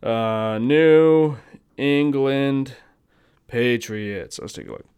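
A man's voice: mid-range voice, very slow, a little mellow, smooth, muffled recording. A man hosting a podcast, talking casually and profanely about sports with strong opinions. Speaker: podcast host.

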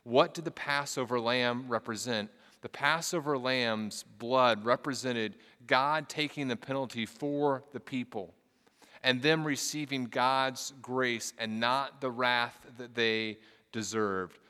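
A man's voice: medium pitch, slow pace, sharp tone, clear, resonant tone, in a large hall. A man preaching a sermon, reading scripture aloud and telling a story with earnest emphasis and casual asides. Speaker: pastor.

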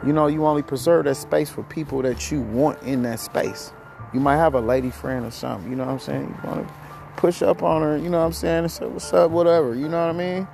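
A man rants on his podcast in a rough, gravelly voice, cursing freely as his thoughts tumble out. He sounds a little short of breath as he vents, and faint music plays in the background. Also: a little high, fairly even intonation, fast talker, darkish tone. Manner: profane, heated, rambling. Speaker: podcast host. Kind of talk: ranting monologue.

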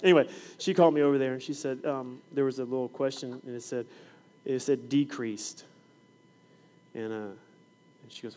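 In a mid-range voice at a moderate pace, with slight background noise, a middle-aged preacher recounts classroom stories from his job teaching fifth grade science. He's animated, acting out the scenes as part of the sermon.

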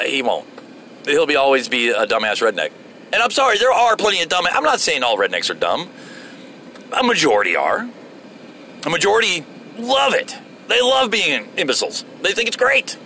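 A man's voice: fairly high pitch, sharp tone, slight background noise. A man from Florida ranting casually while driving, rambling, profane and sarcastic. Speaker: vlogger. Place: inside a moving vehicle.

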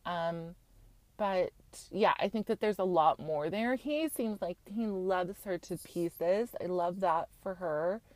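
A woman's voice: fairly low pitch, slow pace, a little mellow, dry recording. A young woman from Utah, chatting frankly and casually as a podcast host, with lots of fillers and blunt swearing. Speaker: podcast host recapping a reality show. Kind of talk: casual chat.

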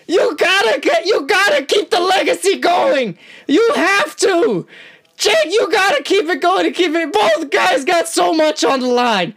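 A woman with a high-pitched voice gives casual, amateur live commentary on a boxing match. She is excitable and slangy, and talks right to the fighters as she reacts. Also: a little slow. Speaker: channel host, amateur commentator.

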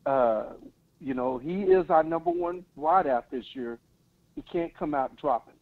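A man's voice: fairly high pitch, big pitch swings, a little slow. A man calling in to a sports talk show, giving blunt, confident opinions in casual chat over a phone line. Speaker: caller.

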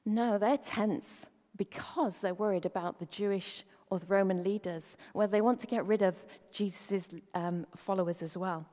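A woman's voice: mid-range voice, fairly even intonation, normal speed, hardly any pauses, warm tone. A middle-aged woman giving a conversational sermon as a preacher, often asking the listeners rhetorical questions. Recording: long reverb of a hall.

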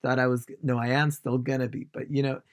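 A man's voice: mid-range voice, flat delivery, brisk, no echo, studio quality. A British man hosting a podcast, a stand-up comic delivering a slangy, ranting comedic monologue. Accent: British English.

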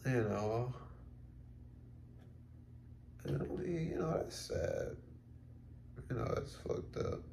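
A man muses aloud in a solo podcast, rambling and loose, leaning on fillers and casual swearing. His voice is low-set and mellow, with a gravelly edge, and he speaks at an unhurried pace. The room gives a noticeable echo. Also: lively intonation, a little hiss or hum. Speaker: podcast host. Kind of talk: solo reflective podcast monologue. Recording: roomy echo.

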